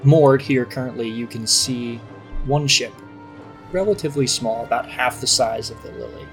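Relaxed young man narrating a tabletop game. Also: mid-range voice, normal speed, faint music behind. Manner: relaxed, hesitant with fillers. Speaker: game master.

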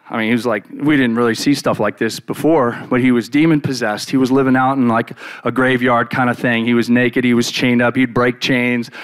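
A man preaching by retelling a Bible story in the first person, in an animated, casual way with many fillers. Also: mid-range voice, clear, resonant tone.

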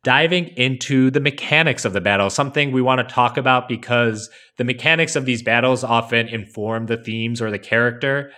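This podcast co-host talks a little fast with hardly any pauses, his voice sitting in the mid range. His tone is laid-back and explanatory, and fillers crop up constantly as he analyzes things.

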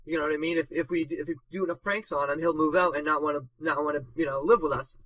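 A man's voice: fairly high pitch, fairly even intonation, very fast, fairly bright tone, no echo, low-quality recording. A young man in his twenties co-hosting a casual podcast, telling rambling stories full of fillers and laughing at his own punchlines. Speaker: podcast co-host. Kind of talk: casual storytelling.

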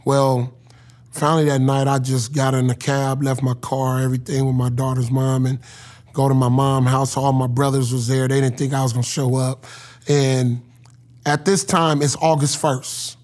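Earnest man with a flat delivery. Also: mid-range voice, normal speed. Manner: earnest, emotional, casual speech. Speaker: former football player telling his story. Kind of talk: personal storytelling.

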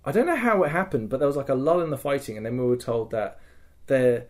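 A man's voice: medium pitch, lively intonation, fast, a little mellow. A man hosting a podcast, telling a story in casual chat. He swears freely and keeps checking in with "right?" and "okay?". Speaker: podcast host.

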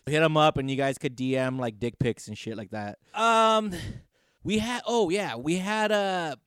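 Male podcast host, casual banter, crude humor, slightly high voice, dry. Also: normal speed, fairly bright tone, smooth, dry recording. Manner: joking, crude.

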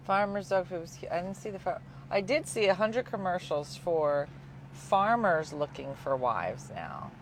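A woman hosting a casual chat, telling a story in an animated way and acting out the voices of the people she quotes. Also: fairly low pitch, unhurried, slight background noise.

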